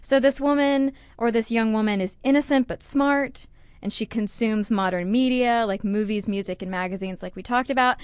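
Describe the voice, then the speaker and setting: A woman's voice: a little high, moderate pace, clean tone, no room sound. A woman co-hosting a casual history podcast, chatty, reading out quotes with wry asides. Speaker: podcast co-host.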